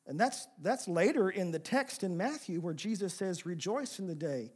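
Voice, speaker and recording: Male pastor, higher pitched, expressive sermon delivery with rhetorical questions. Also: moderate pace, breathy edge. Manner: expressive preaching, swings from emphatic to soft, rhetorical questions.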